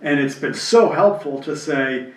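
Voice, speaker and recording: A New Jersey man co-hosts a podcast, chatting candidly and reflectively and voicing the people he quotes as he tells stories. His voice is on the high side and unhurried, and the mic sits well back in a roomy space.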